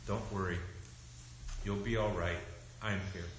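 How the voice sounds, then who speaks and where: A man voicing a calm father gently reassuring his scared daughter. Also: on the low side, unhurried, very echoey, slight background noise, natural voice. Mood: soothing. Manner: gentle, soothing.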